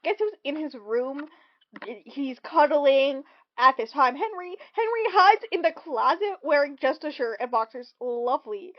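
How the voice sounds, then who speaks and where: High-voiced woman rambling through a film recap. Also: lively intonation, a little slow. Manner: rambling, lots of ums, acts out quotes in bursts. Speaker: podcast co-host. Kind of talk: casual chat recapping a film. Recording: dull lo-fi recording.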